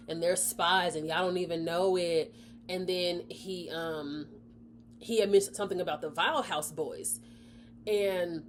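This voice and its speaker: A woman's voice: fairly low pitch, slight background noise. A woman chatting casually as she reviews a book, rambling and often correcting herself.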